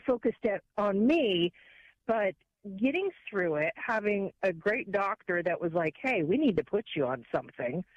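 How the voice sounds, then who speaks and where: A woman calling in to a radio talk show, speaking haltingly with many restarts. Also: mid-range voice. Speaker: caller. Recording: phone line.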